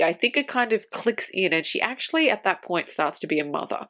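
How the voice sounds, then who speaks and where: A woman co-hosting a podcast, chatting casually about a film, animated and swearing a lot as she acts out characters' lines. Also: medium pitch, fairly quick, few pauses. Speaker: podcast co-host. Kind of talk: casual film review chat.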